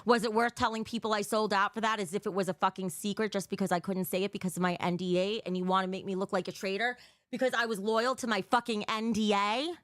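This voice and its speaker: A woman's voice: mid-range voice, steady tone, quick pace, no room sound, studio quality. A young woman streaming live, talking bluntly and cursing as she reads out viewer donations, a little out of breath. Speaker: livestreamer. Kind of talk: casual livestream chat.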